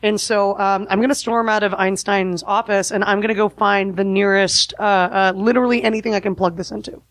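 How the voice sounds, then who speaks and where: A woman player in a tabletop game, talking casually and jumping in quickly. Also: mid-range voice, steady tone, no room sound.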